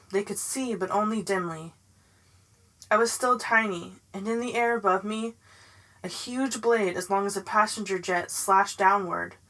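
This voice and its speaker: A woman reading a novel aloud in the first person, in a measured, dramatic way. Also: mid-range voice, pushed and bright, rough recording. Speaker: audiobook narrator.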